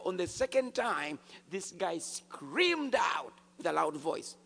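A man preaching a testimony, telling his story with animated swings from hushed to shouted. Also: on the high side, measured pace, creaky, hardly any pauses. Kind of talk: sermon testimony. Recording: long hall reverb.

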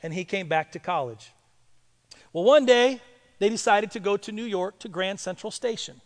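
A male pastor telling a story in a sermon and building to loud, emphatic preaching. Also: sits high, normal speed, in a large hall.

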